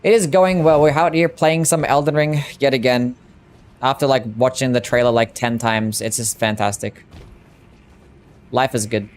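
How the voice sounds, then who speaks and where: A man's voice: medium pitch, fairly even intonation, moderate pace, slight background noise. Joking Australian man streaming a game. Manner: casual, joking, chats with viewers. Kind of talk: live gameplay stream commentary.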